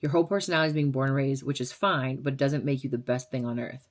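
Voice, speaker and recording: A radio DJ and vlogger in her twenties from Las Vegas chats casually while answering viewer questions. Her bass voice moves fast with fairly even intonation, and she's blunt and sarcastic, full of fillers and laughs.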